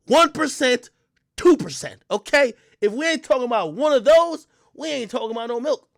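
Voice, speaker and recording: Young man, New York accent, casual livestream rant, incredulous, swooping animated voice, dry close mic. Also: extremely high pitch, normal speed, gravelly, no echo. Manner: loud, incredulous ranting while reading a menu aloud. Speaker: streamer.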